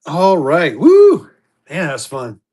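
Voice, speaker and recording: A fairly high-voiced man with a drawl calls out lots on a live auction stream. He talks in quick, hyped bursts, repeating his calls and urging bidders on. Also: fairly even intonation.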